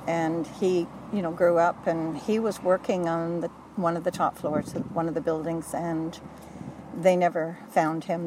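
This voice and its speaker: Older woman, low-ish voice, earnest and halting storyteller; mic set back, traffic loud behind. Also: far from the mic. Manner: earnest, halting, with self-corrections. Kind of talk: oral history recollection.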